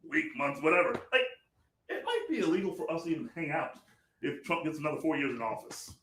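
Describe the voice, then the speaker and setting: A man's voice: fairly high pitch, sing-song, quick pace, sharp tone, exaggerated voice. A man playing a hesitant, stammering close friend who laughs easily, in acted drama dialogue. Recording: distant, roomy, faint noise.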